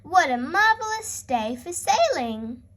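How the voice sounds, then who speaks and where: Woman doing a booming jolly old rabbit grandpa. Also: sing-song, slow, a bit bright, full character voice. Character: cheerful boisterous old male rabbit. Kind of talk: storybook reading.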